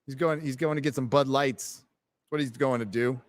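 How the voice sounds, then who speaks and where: A man's voice: mid-range voice, fairly even intonation, moderate pace. A man hosting a casual livestream from a bar, reading donations and chatting in a loose, profane way with frequent laughs. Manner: loose and profane, laughs often, reads chat aloud. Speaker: livestream host. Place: fandom bar.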